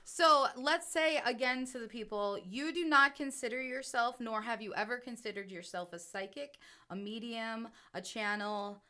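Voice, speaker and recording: A woman's voice: fairly high pitch, normal speed, hardly any pauses, pushed and bright. A woman co-hosting a spiritual podcast, talking earnestly and emotionally and often checking in with "right?". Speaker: podcast co-host and self-described channel.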